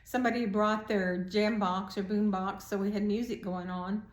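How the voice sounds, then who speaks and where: A middle-aged woman telling a personal story as a prison art teacher, animated, raising her voice when she acts out what people said. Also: normal speed. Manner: animated, acts out quotes with raised pitch. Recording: echoey room.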